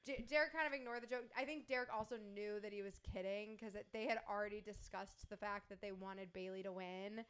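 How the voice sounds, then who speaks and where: A woman's voice: mid-range voice, steady tone, fairly quick, hardly any pauses, fairly bright tone, clear, resonant tone. A woman co-hosting a podcast, recapping events in casual chat and laughing often as she tells stories. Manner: chatty, laughs often while storytelling. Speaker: podcast co-host.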